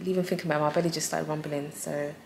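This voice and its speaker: A young English woman talks into her phone in a chatty, laughing vlog voice, her pitch sitting a little low. Street noise and passing traffic are clearly heard behind her. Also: fairly even intonation, very fast. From England. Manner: chatty, laughs often, sometimes whispering. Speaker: travel vlogger. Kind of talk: casual vlog chat.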